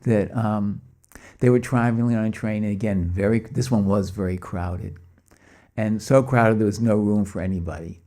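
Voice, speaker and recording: A man with a lowish, mellow voice tells stories to a gathering. He slips into the voices of the people in his tales and lets small chuckles through between anecdotes. His delivery is relaxed and warm rather than sharp. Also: normal speed. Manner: lively storyteller voicing quoted dialogue. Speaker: speaker at a spiritual gathering. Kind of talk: anecdotal storytelling talk.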